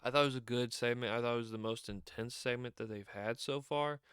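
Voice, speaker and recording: A man rambles through a casual recap of a wrestling show, getting excited and laughing as he goes. His voice is smooth and clear at a middling pitch. The recording is dry and close, with no room sound. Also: quick pace, no echo. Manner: excitable, rambling, laughs often, many fillers and restarts.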